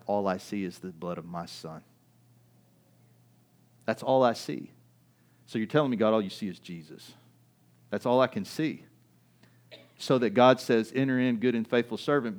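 A man preaching a sermon as pastor, impassioned, often asking rhetorical questions and repeating words as he builds his point. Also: on the low side.

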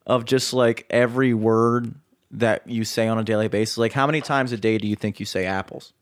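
A man's voice: on the low side, fairly even intonation, fairly quick. A young man co-hosting a podcast in casual chat, teasing his friend, laughing a lot and saying "dude" often. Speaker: podcast co-host.

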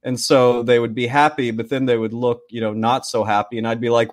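A man's voice: medium pitch, level tone, fairly quick. A man co-hosting a casual podcast, chatting and telling anecdotes from his work. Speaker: podcast co-host. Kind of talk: casual chat.

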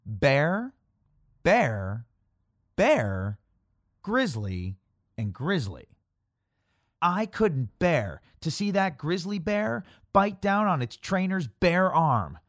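Slow, lively-voiced male narrator. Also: fairly high pitch, no echo, studio quality. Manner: playful, pun-filled, spells words out letter by letter. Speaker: language explainer. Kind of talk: scripted educational narration.

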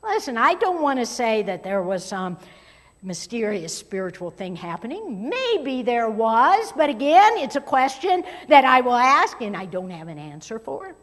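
A woman pastor preaching a sermon, moving between strong emphasis and hushed, near-whispered asides. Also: on the high side, very animated, measured pace. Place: church sanctuary. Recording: long hall reverb.

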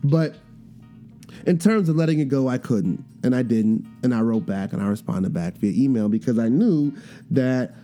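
Podcast host, male, relaxed warm tone, animated retelling over faint guitar music. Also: mid-range voice, normal speed. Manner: animated storytelling, acting out quoted voices. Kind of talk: casual monologue.

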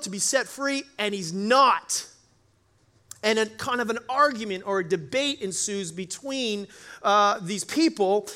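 A man preaching a sermon as pastor, telling a Bible story and acting out the voices in it. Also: very high-pitched. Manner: animated, acts out Bible voices.

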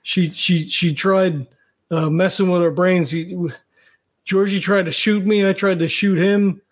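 A man playing a tabletop game, speaking haltingly with many restarts. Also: sits high, steady tone. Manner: halting, hesitant speech. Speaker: player.

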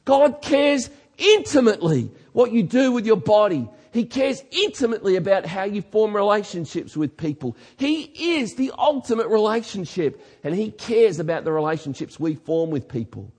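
A man preaching a sermon as pastor, emphatic, dropping low and then rising to shouts. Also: big pitch swings, moderate pace, hardly any pauses, husky. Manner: emphatic, swings from quiet to shouting.

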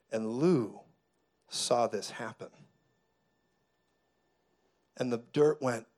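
Fervent man preaching a sermon. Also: mid-range voice. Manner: dramatic storytelling, builds to loud fervent preaching. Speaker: pastor.

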